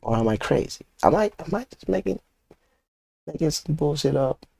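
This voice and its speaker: A man's voice: fairly high pitch, expressive, normal speed, creaky, a little mellow, slightly rough, no echo. An older man of Puerto Rican roots, a comic artist ranting casually and profanely to his chat while he inks. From Puerto Rico. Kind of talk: casual rant while inking art.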